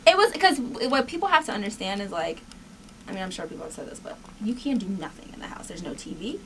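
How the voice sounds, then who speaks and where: A young woman chatting as a guest in an interview, bubbly and quick to laugh, jumping up in pitch when she quotes people. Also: animated, distant mic, noisy background. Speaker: reality show cast member, guest. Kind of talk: casual interview chat.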